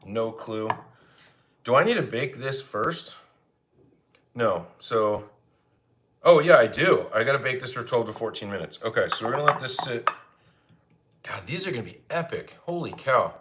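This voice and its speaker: A young man from Arizona runs a laid-back cooking livestream from his home kitchen, reading comments in casual live chat. He jokes easily and laughs often, his expressive mid-range voice moving at normal speed with long pauses over some background noise.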